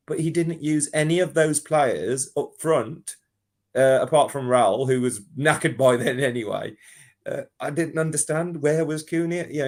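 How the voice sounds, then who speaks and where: A man calling in to a football phone-in, talking in an animated, rambling way and often restarting his sentences. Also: medium pitch. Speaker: caller. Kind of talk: casual football phone-in chat.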